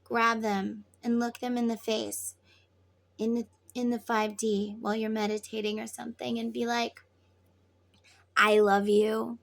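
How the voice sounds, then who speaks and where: A woman's voice: a little high, level tone, moderate pace, creaky. A woman tarot reader giving spiritual advice in an earnest, casual way, repeating herself and swearing now and then.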